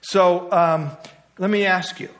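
A man's voice: high-pitched, fairly even intonation, slow, a bit bright. A middle-aged man teaching an evening Bible study in a conversational way, asking his listeners questions. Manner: conversational, asks the group questions.

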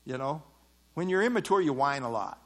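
Man, high voice, sermon, teacherly, lots of "uh" fillers, mocking asides. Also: animated, a little fast, fairly bright tone. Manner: teacherly, explaining word by word with frequent "uh" fillers. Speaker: pastor. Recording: evening service.

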